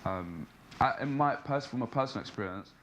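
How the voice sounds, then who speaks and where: A man's voice: medium pitch, lively intonation, fairly quick, a bit bright, roomy sound. A man, a guest entrepreneur, answering questions in an informal, slangy way that runs through false starts. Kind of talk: casual conversational talk.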